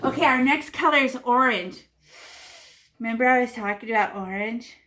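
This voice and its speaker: A woman leads a children's painting class with a slightly high voice. She talks playfully and chattily, tossing in sound effects and repeating words as she goes. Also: moderate pace, fairly bright tone. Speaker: art teacher. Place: classroom or home room.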